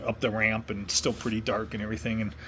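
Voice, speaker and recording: A man's voice: lowish voice, level tone, fast talker, background noise. A middle-aged man from Wisconsin telling a casual story in a rambling way, full of fillers and restarts. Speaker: vlogger.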